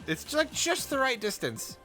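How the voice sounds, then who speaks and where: Male gaming host, bright, somewhat high voice, chatty and rambling, faint music behind. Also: huge pitch swings, normal speed. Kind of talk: casual commentary while playing a game.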